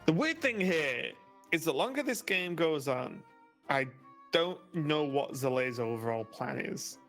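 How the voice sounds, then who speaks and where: A man co-casting a live card game tournament, quick to react to plays and crack jokes. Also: fairly high pitch, animated, fairly bright tone, faint music behind. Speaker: esports caster.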